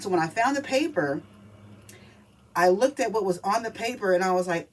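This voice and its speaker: A woman's voice: medium pitch, lively intonation, unhurried. A woman talking casually to camera as a spiritual reader, chatty and emphatic, often checking in with the listener. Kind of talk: casual spiritual reading video.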